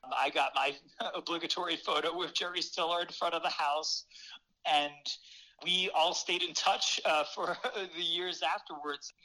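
Man, interview guest, storytelling, bright tone, slightly high voice, animated, laughs often. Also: normal speed, rough recording. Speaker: interview guest, former newspaper reporter. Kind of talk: casual storytelling.

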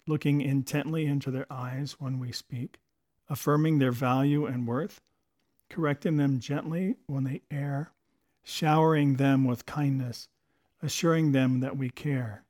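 A man's voice: mid-range voice, mellow. A man reading a short devotional essay aloud for a story podcast, with a storytelling delivery. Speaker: podcast host and reader.

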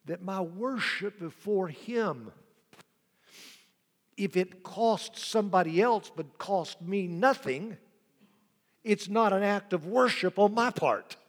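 Gravelly preacher guy, kinda high voice, gets loud then whispers, big echoey hall. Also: expressive, slow pace. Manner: impassioned preaching, swings from loud cries to soft whispers. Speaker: pastor. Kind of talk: sermon.

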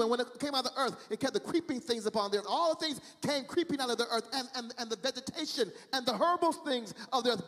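A man's voice: extremely high pitch, quick pace, hardly any pauses, fairly bright tone, big-room sound. A man preaching a sermon in an emphatic, repetitive, sing-song way, stretching out key phrases. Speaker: pastor. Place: church, also streamed online.

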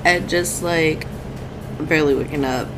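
A woman's voice: low-pitched, unhurried, poor audio. A woman hosting a casual podcast with a groggy just-woken-up voice, rambling and laughing often, with music playing behind her. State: groggy morning voice. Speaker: podcast host. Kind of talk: casual chat.

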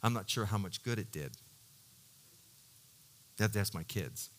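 In an animated sermon, a middle-aged male preacher rises to loud, emphatic peaks and then drops into quiet, low storytelling. His speech is punctuated by halting restarts as he searches for words.

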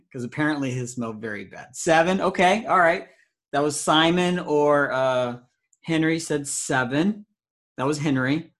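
A man's voice: fairly high pitch, a little slow, fairly bright tone. A man leading a children's ministry video call, talking in a playful, goofy way and reacting with easy amazement. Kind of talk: casual video call with kids.

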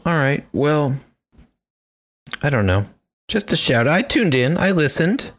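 A man's voice: fairly high pitch, very animated, a little slow, fairly bright tone. A man co-hosting a podcast, chatting casually with profane, jokey banter. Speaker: podcast co-host. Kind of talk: casual chat.

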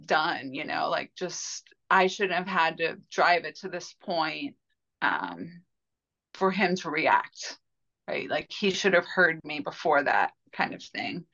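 Candid woman guest, bright voice. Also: deep voice, animated, takes it slowly, lo-fi sound. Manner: candid, rambling, with frequent fillers and soft laughs. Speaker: podcast guest. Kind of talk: personal storytelling in conversation.

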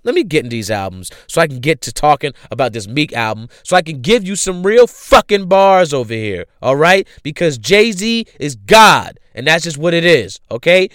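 Man, podcast host, profane rant, bright forceful voice, crisp close dry sound. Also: on the high side, no echo. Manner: blunt, profane, rhetorical questions. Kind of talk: ranting music commentary.

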